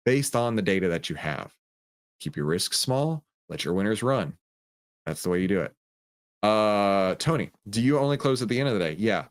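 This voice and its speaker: A man hosting a trading livestream, reading chat questions and coaching viewers in an upbeat, conversational way. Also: on the low side.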